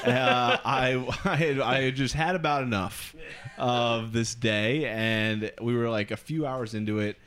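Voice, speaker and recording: A man co-hosts a podcast, telling a personal story in a loose, rambling style. His speech is packed with filler words and restarts. His voice sits at an ordinary mid pitch. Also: lively intonation, unhurried, a bit bright, smooth. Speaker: podcast co-host. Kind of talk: casual storytelling chat.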